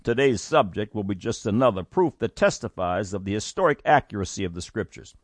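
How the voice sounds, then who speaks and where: A man's voice: lowish voice, expressive, a little fast, dry recording. A man reading a scripted Bible teaching, earnest and emphatic, quoting scripture aloud. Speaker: Bible teaching show host.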